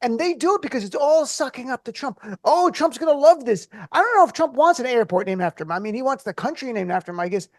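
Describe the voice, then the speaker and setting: A man hosting a radio talk show, riffing with animated, incredulous humor. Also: extremely high pitch, fast, hardly any pauses, dry recording, studio quality. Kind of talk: casual comedic chat.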